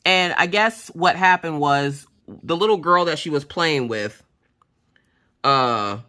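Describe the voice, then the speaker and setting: A woman vlogger chatting casually while crafting, telling stories from home in an animated, blunt way and acting out what people said. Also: sits low, slow pace. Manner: animated, acts out quoted voices. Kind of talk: casual storytelling chat.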